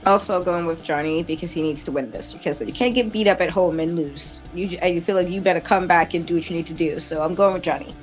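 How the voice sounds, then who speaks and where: A woman guest on a wrestling chat show, talking on her phone in a relaxed, hesitant way. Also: on the low side, fast, hardly any pauses, soft background music, poor audio. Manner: relaxed, hesitant, speaks in likes. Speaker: guest panelist. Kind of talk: casual wrestling prediction chat.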